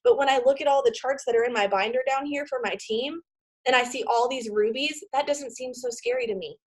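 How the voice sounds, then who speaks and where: A woman giving an emotional, excitable motivational talk to her sales team over a video call. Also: high voice, a little fast. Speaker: team leader.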